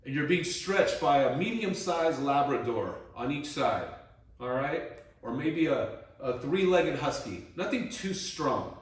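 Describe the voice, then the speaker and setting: Slow, playful male stretching instructor, echoey room. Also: on the high side, lively intonation. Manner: playful, encouraging, counts breaths and reps. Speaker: exercise instructor. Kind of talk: guided floor stretching class. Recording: roomy echo, mic at a distance.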